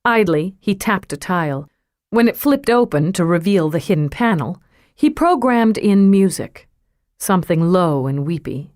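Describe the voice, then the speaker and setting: Woman audiobook narrator, measured and even, lowish voice, dry close sound. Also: dry recording. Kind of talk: scripted narration.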